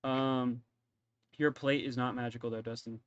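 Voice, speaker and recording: A man's voice: mid-range voice, little pitch movement, moderate pace, clear, resonant tone, no echo, lo-fi sound. A man narrating as game master in a tabletop game, casual and rambling, often stumbling over his words.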